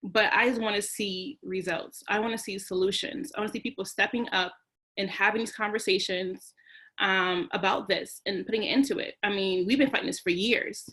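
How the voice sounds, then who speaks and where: A woman's voice: medium pitch, steady tone, moderate pace, a bit bright, breathy edge. A woman speaking on an online panel, earnest and emotional, often repeating her phrases.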